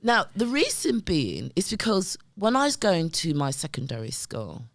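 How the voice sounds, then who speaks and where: A middle-aged woman, a guest, telling stories in an emphatic, animated way and often checking in with her listener. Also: on the low side, moderate pace, no room sound. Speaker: guest, community development worker. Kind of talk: conversational storytelling.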